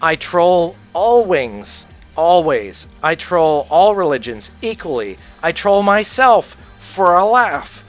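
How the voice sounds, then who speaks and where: Guy streaming a game, high-pitched voice, swears a lot, blunt hot takes, faint music behind. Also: big pitch swings, slow, few pauses. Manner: blunt, profane, opinionated. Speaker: livestreamer. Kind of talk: casual rant while gaming.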